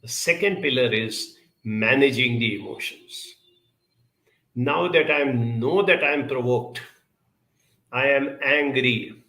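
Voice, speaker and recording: A man answering audience questions in a reflective advice talk, speaking in a measured, deliberate way with frequent pauses. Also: medium pitch, gravelly, pushed and bright, echoey room, poor audio.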